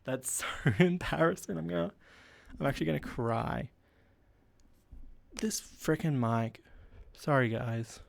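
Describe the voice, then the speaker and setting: A man's voice: fairly high pitch, measured pace, gravelly, long pauses. A man hosting a casual solo podcast, rambling, giggling and running himself down. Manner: rambling, giggly and self-deprecating.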